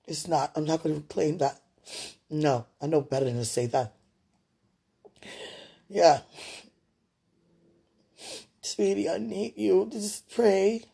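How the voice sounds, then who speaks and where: A woman talks straight to God on her livestream, her voice gravelly with a husky edge. She moves between soft, murmured prayer and tearful pleading in a loose, heartfelt monologue. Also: medium pitch.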